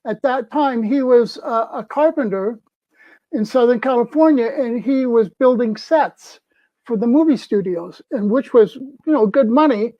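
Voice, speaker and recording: A man in his seventies who once worked on a festival crew tells a story casually, acting out the people he quotes. His voice is very high-pitched and unhurried, recorded with a dull, dry lo-fi sound and no echo.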